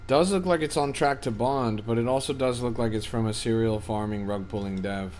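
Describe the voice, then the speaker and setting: A man's voice: medium pitch, fairly quick, darkish tone, a little hiss or hum. A man streaming as a crypto trader, giving casual, offhand livestream commentary that is often profane as he reads and answers his chat.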